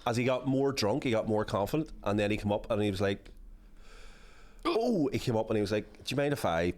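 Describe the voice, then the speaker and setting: A Northern Irish man, a musician guest, telling animated anecdotes in casual chat and acting out what people said. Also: on the low side, brisk. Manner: animated anecdotes, acts out quotes.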